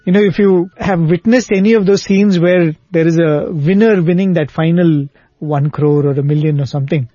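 Brief: earnest man, husky mellow tone, dull dry recording. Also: on the high side, normal speed, no echo. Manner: earnest, often checks back with "right?". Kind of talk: reflective spiritual conversation.

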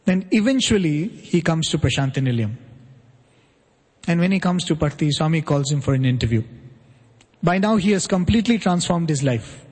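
A man telling an earnest devotional story to an audience, often checking in with a quick "right?". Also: fairly high pitch, animated, a little mellow, husky. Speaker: spiritual speaker. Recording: long hall reverb.

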